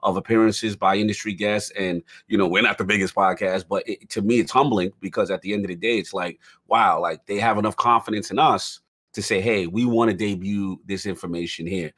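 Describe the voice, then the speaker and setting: A man on a gaming podcast talking in a casual, animated and emphatic way, often asking "you know what I'm saying?". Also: fairly low pitch, fairly quick. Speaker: podcast panelist. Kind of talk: casual chat.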